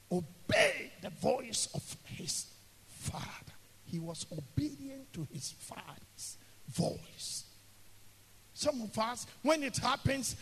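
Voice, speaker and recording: High-voiced preacher, booming then hushed. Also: male voice, gravelly, slightly rough. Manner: swings from shouting to hushed, call-and-response with the congregation. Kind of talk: sermon. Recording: echoey hall.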